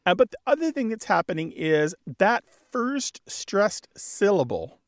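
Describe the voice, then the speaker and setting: Male radio host, studio mic, animated delivery, scholarly and good-humored. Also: sits high, a little slow, no room sound. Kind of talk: radio call-in talk. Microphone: studio microphone.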